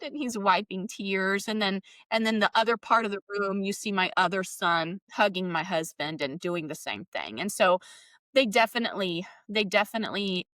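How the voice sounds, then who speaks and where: A woman's voice: mid-range voice, no echo, recorded from a distance. Middle-aged woman telling her story, earnest, a bit off-mic, dry sound. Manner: earnest, reflective, often trails off softly. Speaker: podcast host appearing as guest. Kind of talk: heartfelt storytelling interview.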